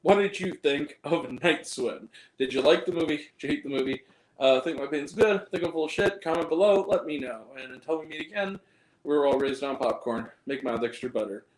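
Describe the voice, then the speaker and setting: A man's voice: a little high, brisk. A man casually reviewing a movie in a blunt, rambling, profane way. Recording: roomy echo.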